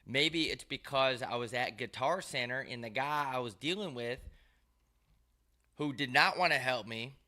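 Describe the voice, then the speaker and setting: Bright-voiced man ranting casually. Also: mid-range voice, unhurried. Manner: profane, wry, ranting storyteller. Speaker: show host. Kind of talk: casual rambling monologue.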